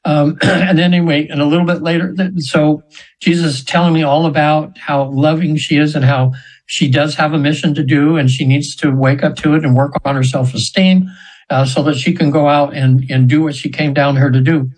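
A man in his seventies, a hypnosis practitioner, telling stories in a chatty, rambling way with laughs and quick high voices for the people he quotes. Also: fairly even intonation, darkish tone, rough recording. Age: 70s. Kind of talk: storytelling in an interview.

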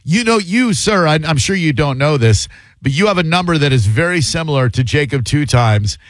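A man's voice: a little high, lively intonation, moderate pace, dry recording. A man hosting a radio talk show, riffing on his opinions in a casual, rambling way.

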